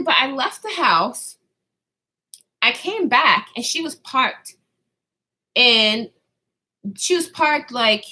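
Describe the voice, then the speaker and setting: A young woman chatting to her viewers, her voice sitting high and leaping all over the place as she tells the story. Her tone is bright and sharp. She laughs often, swears freely and slips into the voices of the people she quotes. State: out of breath at times. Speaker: vlogger. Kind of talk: storytime vlog.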